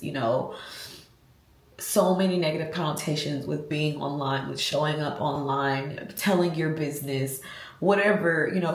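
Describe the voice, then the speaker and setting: A low-pitched woman chats to her viewers in a casual home vlog. She sounds heartfelt and faith-filled. Her voice rings off the walls of an echoey room. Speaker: lifestyle vlogger. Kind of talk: casual vlog talk to camera.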